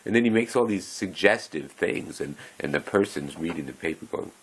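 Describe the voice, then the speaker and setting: A man's voice: deep voice, animated, fairly quick, few pauses, breathy edge, poor audio. A man talking in a rambling, meandering way, often breaking off mid-sentence and chuckling as he goes. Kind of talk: rambling casual monologue.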